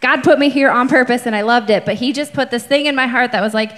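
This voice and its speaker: A woman giving her testimony on a church stage, speaking fast and earnestly. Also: fairly high pitch, fairly bright tone. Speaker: church guest, college director.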